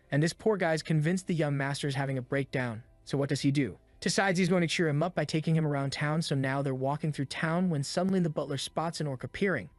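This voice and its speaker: A man's voice: on the high side, no echo. A man narrating a comic story recap in a laid-back, slangy, wry way.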